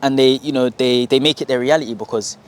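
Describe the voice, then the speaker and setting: Young London man, podcast guest, lively storyteller, quick delivery. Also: medium pitch, a little hiss or hum. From England. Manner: animated storyteller, acts out quoted voices. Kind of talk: casual interview chat.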